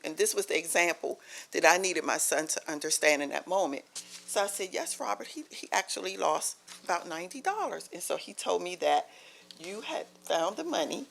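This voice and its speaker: A woman's voice: lowish voice, expressive, normal speed, vocal fry. A middle-aged woman from Maryland giving heartfelt, emphatic remarks at a public board meeting, telling a story at a podium microphone. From Maryland, USA. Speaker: honoree's guest speaking at a county board meeting.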